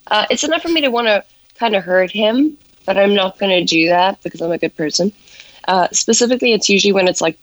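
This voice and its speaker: A woman's voice: fairly low pitch, no echo, poor audio. A South African woman with an accent mixed with American, chatting as an interview guest and telling stories with self-mocking humor. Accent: South African with some American. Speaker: guest actress. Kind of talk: casual interview chat.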